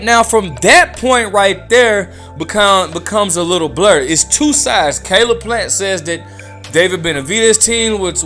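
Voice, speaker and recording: A man talks through boxing drama in loose, slangy commentary and acts out the quotes as he goes. His voice sits high and bright, with soft music underneath. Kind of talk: casual commentary.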